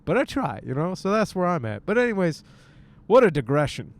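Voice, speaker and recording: A stand-up comic in his thirties from Michigan hosts a rambling solo podcast from a car, sounding over-caffeinated yet tired. His high voice moves fairly quickly with big pitch swings, and he keeps it casual, swears, and drops in jokey voiced impressions.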